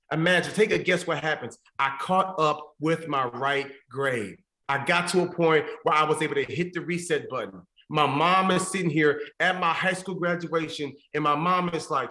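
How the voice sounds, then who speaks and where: Energetic young man giving a motivational speech. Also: a little high, echoey room. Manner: repetitive preaching cadence with rhetorical questions. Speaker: motivational speaker. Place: stadium event space.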